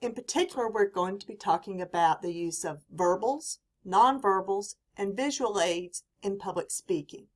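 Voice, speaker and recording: A woman with a softened Southern US mountain accent lectures on public speaking. She speaks in a clear, deliberate teaching manner. She stresses important words firmly as she explains each point. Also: medium pitch. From Southern US mountain region. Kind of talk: recorded classroom lecture.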